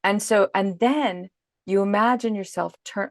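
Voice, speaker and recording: Woman parenting coach on a podcast, gravelly voice, talks thru her self-talk examples. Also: mid-range voice, measured pace, no echo, clean studio sound. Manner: explanatory, acts out inner self-talk. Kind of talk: podcast interview.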